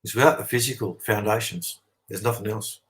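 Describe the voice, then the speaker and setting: This lengthy explanatory monologue comes from an interview guest, a man with a low-ish, steady Australian voice that sounds a bit bright. He's emphatic, punching key words, frequently saying "sort of," and checking in with "okay?" before moving on. The recording is poor.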